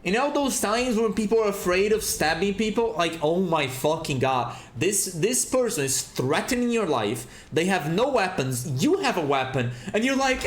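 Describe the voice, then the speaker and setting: A man's voice: high voice, normal speed, hardly any pauses, roomy sound. A man streaming a game and chatting casually, ranting with lots of swearing. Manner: profane, animated ranting. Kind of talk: casual chat while gaming.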